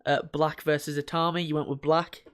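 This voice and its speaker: A man's voice: a little high, little pitch movement, moderate pace, fairly bright tone, smooth. A young man co-hosting a podcast, chatting casually, joking and swearing as he reads through lists. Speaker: podcast co-host. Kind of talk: casual chat.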